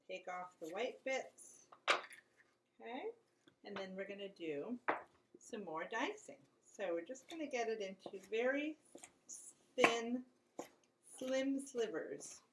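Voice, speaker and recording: A woman hosts a casual cooking lesson, talking through each cut step by step in an easy, conversational voice. Her pitch sits in the middle, neither high nor low. Loud clatter of dishes and pans rings out behind her in a home kitchen. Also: very noisy. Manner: chatty step-by-step instruction, aside to a child. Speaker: cooking show host.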